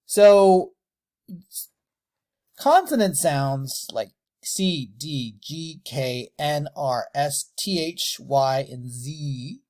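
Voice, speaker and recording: A man teaching animation lip sync, slowly and deliberately sounding out letters and words with exaggerated mouth shapes. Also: a little high, animated, a little mellow. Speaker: animation tutor. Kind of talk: tutorial, demonstrating mouth shapes on camera.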